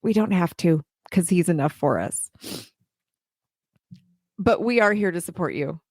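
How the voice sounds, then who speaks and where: A woman's voice: on the low side, animated, measured pace, a little mellow, no echo, clean studio sound. A woman in her forties hosting a heartfelt live-stream talk, earnest and emotional, repeating phrases for emphasis. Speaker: podcast host and child care business coach.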